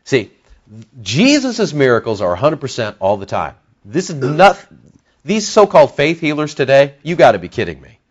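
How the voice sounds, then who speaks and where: A man preaching a sermon to his church congregation, surging loud on key words and then dropping low and soft. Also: sing-song, normal speed, highs cut off. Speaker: pastor. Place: church sanctuary.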